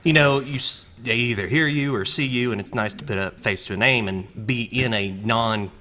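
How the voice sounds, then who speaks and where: A man's voice: mid-range voice, normal speed, sharp tone, a little hiss or hum. A man hosting a casual TV interview, friendly and agreeable, backing his guest up with short affirmations. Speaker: TV show host.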